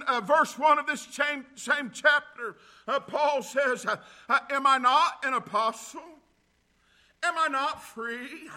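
A man preaching a sermon as a pastor, fervent, breaking into shouts of glory and hallelujah and filling pauses with "uh". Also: very high voice.

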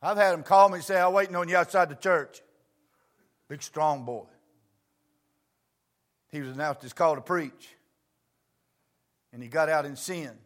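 An older man preaching a sermon, telling folksy stories, dropping to quiet asides and rising to shouts. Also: a little high, a little slow, pauses often.

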